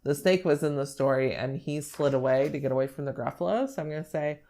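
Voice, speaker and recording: A young woman speech therapist calmly explaining, step by step, how to model words while reading with a child. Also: low voice, quick pace. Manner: calm, step-by-step explaining with fillers. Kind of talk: instructional demonstration.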